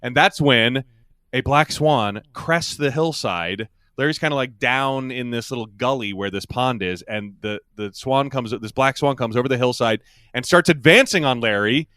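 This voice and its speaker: Chatty, bright-voiced male podcast host. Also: mid-range voice, normal speed, no echo, clean studio sound. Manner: chatty, laughs often, rambling asides. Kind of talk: casual recap chat.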